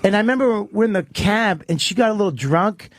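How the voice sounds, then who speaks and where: A comedian rants through a story on a radio show, swearing constantly. His voice sits a bit high. The studio sound is dry, with no room echo. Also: lively intonation, fairly quick. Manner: profane, ranting storyteller. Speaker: comedian guest. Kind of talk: casual radio talk.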